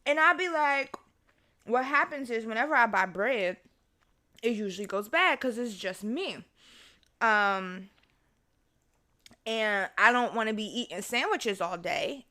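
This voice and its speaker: A woman, hosting a casual solo podcast and telling stories in a lively, profane way while she eats. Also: a little high, a little slow, pauses often. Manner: animated storytelling, swears freely, mimics her own voice. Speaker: podcast host.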